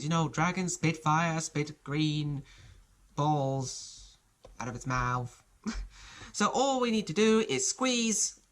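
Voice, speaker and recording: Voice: medium pitch, a bit bright. A toy set reviewer giving a casual show-and-tell review in a small home studio, chatty and hesitant, often restarting phrases while handling the set.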